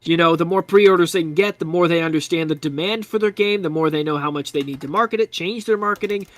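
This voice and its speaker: A man co-hosting a casual live gaming chat, relaxed, reading viewer comments aloud and joking. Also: a little high, fast, no room sound. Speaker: co-host.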